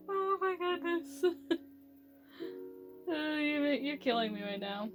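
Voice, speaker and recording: A woman's voice: sits high, a bit bright. Giggly woman reading a story aloud. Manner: giggly, halting, swears casually. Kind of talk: casual read-aloud of fan fiction.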